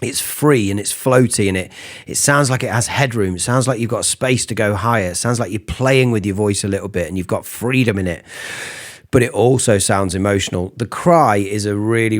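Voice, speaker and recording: A man giving a casual singing lesson, explaining vocal technique between falsetto sung examples. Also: brisk. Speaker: singing teacher.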